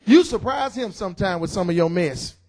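A middle-aged man preaching a loud, excited sermon in church, calling out to the congregation. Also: high voice, a little fast. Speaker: pastor. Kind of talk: energetic sermon.

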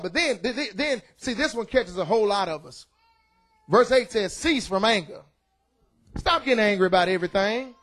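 A middle-aged man preaching a loud, excited sermon in church, calling out to the congregation. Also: extremely high pitch. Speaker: pastor. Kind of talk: energetic sermon.

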